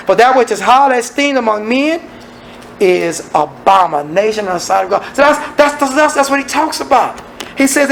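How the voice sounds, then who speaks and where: A man's voice: extremely high pitch, vocal fry, a little hiss or hum, low-quality recording. A man teaching a Bible study, asking his listeners one rhetorical question after another. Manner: preachy, asks many rhetorical questions.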